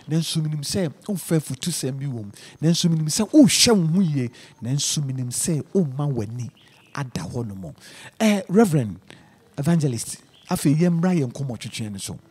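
A man's voice: on the high side, a little mellow, husky. A man with a Ghanaian accent hosting an interview, giving advice and moral lessons before questioning his guest. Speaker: talk show host.

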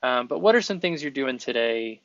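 A man's voice: medium pitch, animated, moderate pace, fairly bright tone, no room sound. A man hosting a podcast interview, speaking earnestly and encouragingly in long flowing sentences. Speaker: podcast host. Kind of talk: conversational interview. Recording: dull, slightly lo-fi sound.

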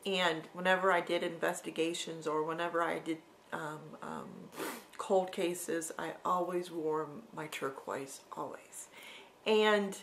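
A middle-aged woman telling an emotional personal story in a vlog, halting and sometimes dropping to a soft whisper. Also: on the low side, steady tone, slight background noise. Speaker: vlogger.

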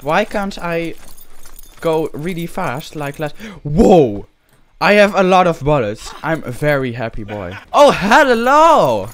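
A man's voice: on the high side, expressive, unhurried. A man giving playful gameplay commentary as a gaming YouTuber, full of silly, exaggerated trash talk and mock-serious jokes.

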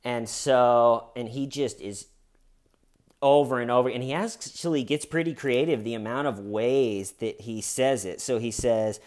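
A man with a middle-pitched voice, hosting comedic true crime commentary. He talks in an animated, loose way and keeps slipping into short impressions of the people in the story. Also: unhurried. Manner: animated, acts out every quote.

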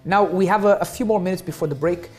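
A man's voice: sits high, fast, over music. Man hosting studio talk show.

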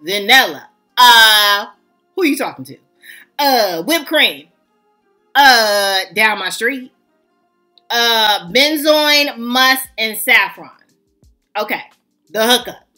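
A woman hosting a casual fragrance review vlog, chatty and excitable, greeting her viewers as family. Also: a little high, slow, long pauses, soft background music. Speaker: fragrance vlogger host.

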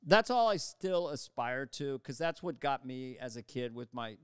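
A man telling stories as a guest comedian in casual conversation, animated and slipping into voices, on a studio mic. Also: mid-range voice, moderate pace, smooth, no room sound. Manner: animated, slips into voices and quotes mid-story. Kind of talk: casual interview storytelling. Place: podcast studio.

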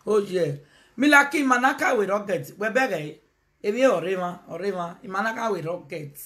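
A woman's voice: mid-range voice, a little fast. A Nigerian woman hosting a casual live video, talking to her viewers and slipping into Pidgin. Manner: animated, switches into Pidgin, calls out to viewers. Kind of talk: casual live-stream talk.

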